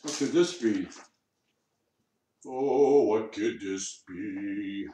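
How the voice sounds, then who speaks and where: A man's voice: lowish voice, very slow, mellow, distant mic. A man rambling and swearing to himself at home, grumbling and talking to his dog. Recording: echoey room, off-mic, faint noise.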